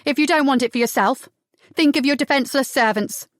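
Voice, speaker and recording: Narrator doing a calm sensible lady, even and measured, dry sound. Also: high-pitched, no room sound, voice pushed up, lightly acted.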